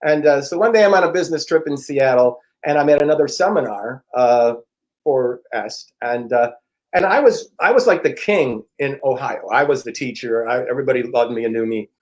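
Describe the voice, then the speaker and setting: A middle-aged man, an interview guest and personal growth teacher, telling a story in a frank, profane, animated way and acting out the dialogue. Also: mid-range voice, a little fast, low-quality recording. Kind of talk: casual storytelling.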